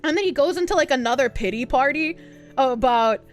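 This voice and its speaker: A woman streamer telling a story in a casual, animated way, swearing, laughing and mocking the people she quotes. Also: sits high, a little fast, faint music behind.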